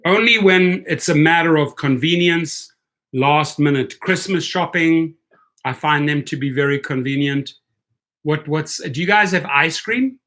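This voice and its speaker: A man's voice: a little high, a bit bright. Chatty man rambling in casual talk. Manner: rambling, chatty, repeats words. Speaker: vlogger. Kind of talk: casual chat.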